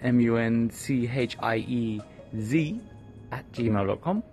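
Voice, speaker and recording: A man in his thirties hosts a rambling podcast, cracking jokes and playful sarcasm as he walks through his small garden. He keeps his voice a little hushed, and faint music hums underneath. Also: medium pitch, slow pace. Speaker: podcast host. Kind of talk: casual podcast monologue. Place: home garden outdoors.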